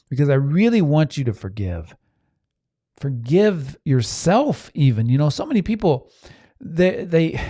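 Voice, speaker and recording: An earnest man hosting a motivational self-help podcast, talking straight to his listeners with many restarts and asides. His voice is warm and mellow and swings up and down with feeling. The sound is dry and close. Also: fairly high pitch, dry recording. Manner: earnest and animated, acts out inner voices in quotes; frequent restarts and audience asides.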